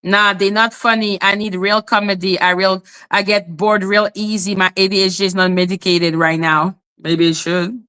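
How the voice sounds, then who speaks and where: A woman's voice: medium pitch, level tone, moderate pace, few pauses, bright, forceful tone, clean tone. A woman hosting a livestream, talking in a heated, rambling way with many "like" fillers. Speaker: livestream host. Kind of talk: casual livestream rant.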